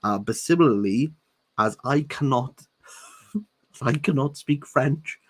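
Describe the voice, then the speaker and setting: Speaking slowly at medium pitch, a book channel host from Wales in his thirties reads a novel aloud. He breaks off for joking commentary and playfully lingers on and repeats the words he enjoys.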